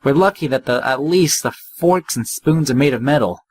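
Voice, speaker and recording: A man's voice: mid-range voice, moderate pace. A man hosting a let's play, reading the story text aloud with wry, offhand asides.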